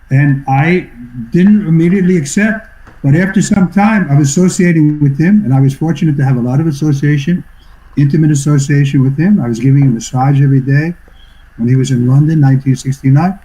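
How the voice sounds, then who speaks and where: An older man from New York, a swami giving a devotional talk over a video call, telling stories reflectively and clearing his throat often. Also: on the high side, a little fast, mellow, rough recording. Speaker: swami teacher. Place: online video session.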